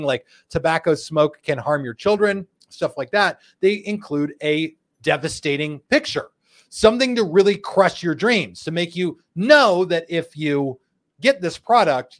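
A man hosting a live cigar show, joking and bantering playfully with his co-hosts and viewers. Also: a little high. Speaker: podcast host.

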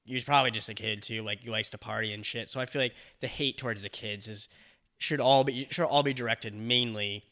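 A man's voice: mid-range voice, steady tone, brisk, sharp tone. A man co-hosting a podcast, rambling crudely in casual chat. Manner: rambling, crude, lots of fillers and restarts. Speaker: podcast co-host.

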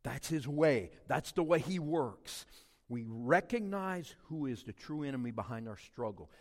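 A middle-aged man, preaching a sermon as a pastor, swinging between loud emphatic passages and quiet ones. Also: medium pitch, a little slow, in a large hall. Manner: animated preaching with big swings in loudness.

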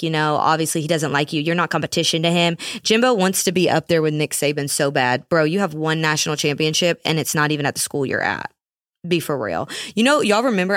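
A woman's voice: sits low, a bit bright, no room sound, clean studio sound. A young woman hosting a casual solo podcast, ranting with sarcastic, mocking asides. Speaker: podcast host.

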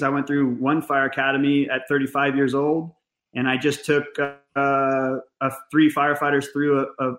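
A middle-aged man, a guest on a podcast, talking haltingly in casual chat and searching for his words. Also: mid-range voice, fairly bright tone, roomy sound. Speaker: fire service guest.

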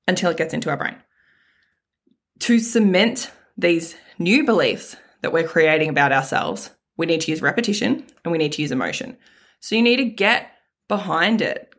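A woman with a medium-pitched, expressive, fairly bright voice speaks at normal speed while hosting a self-help podcast. She's frank and casual in her motivational talk, swearing mildly and emphatically repeating key phrases.

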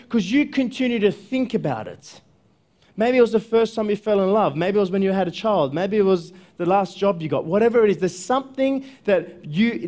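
A man's voice: high voice, darkish tone. A male coach giving a live seminar talk to an audience, conversational, often checking in with the room and repeating phrases. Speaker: workshop speaker and coach.

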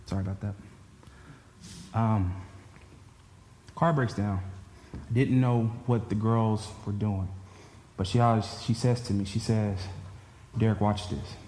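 A man's voice: fairly low pitch, steady tone, measured pace, pauses often, a little mellow, slight background noise. A man telling an emotional personal story to a church congregation. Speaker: churchgoer giving a personal testimony. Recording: echoey hall with faint ambience.

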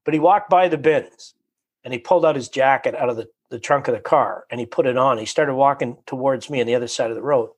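A man from Canada, a guest in a conversation, telling a story with animated energy, acting out quotes and often repeating his words. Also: mid-range voice, fast talker.

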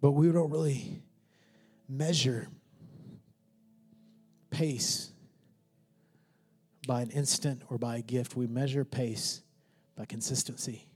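Energetic pastor preaching with humor. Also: male voice, mid-range voice, breathy edge. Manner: humorous, swings from hushed whispers to shouts. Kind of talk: sermon.

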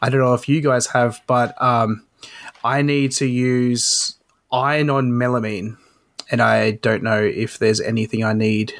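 A man hosts a casual podcast about making things. He talks loosely and rambles a little, with plenty of fillers, in a voice of ordinary pitch. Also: little pitch movement, measured pace, a bit bright. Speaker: podcast host.

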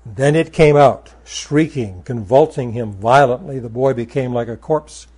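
A man delivers a sermon, reading passages of scripture and then expounding on them. His voice is warm and dark with a husky edge, and he leans into key words, sometimes stumbling into quick restarts as he drives his point home. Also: mid-range voice. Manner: occasional stammered restarts. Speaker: preacher.

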